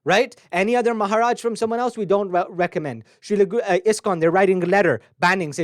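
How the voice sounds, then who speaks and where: A man's voice: sits high, quick pace, hardly any pauses, no room sound, clean studio sound. A man teaching on a webcast, telling stories and acting out quoted voices in a devotional talk. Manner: storytelling, acts out quoted voices. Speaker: spiritual teacher. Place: recorded for a webcast.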